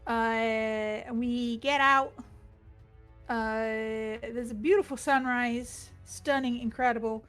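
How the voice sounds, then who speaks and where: A woman's voice: fairly high pitch, steady tone, slow, a bit bright, clear, resonant tone, faint music behind. A woman recapping a tabletop game session in casual chat, rambling and swearing freely.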